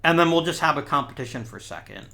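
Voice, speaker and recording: A man's voice: on the high side, expressive, fast talker, gravelly, pushed and bright. A man hosting a gaming channel, thinking aloud in casual let's-play commentary and talking to the players on screen.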